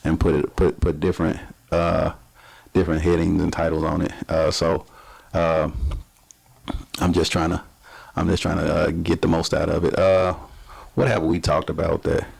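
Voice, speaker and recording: A man's voice: sits low, little pitch movement, normal speed, creaky, darkish tone, slightly rough. A man hosting a casual interview, asking long rambling questions with many restarts. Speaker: podcast host.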